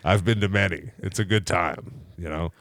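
A man co-hosting a radio show, rambling and joking in casual chat, often trailing off softly. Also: deep voice, moderate pace, gravelly, dry recording, clean studio sound.

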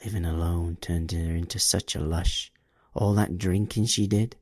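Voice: low-pitched, steady tone, normal speed, darkish tone, no room sound. A man voicing an eerie, thin-voiced companion who murmurs with pity and mockery in a storybook reading. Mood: pitying, mocking. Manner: murmuring, pitying, mocking.

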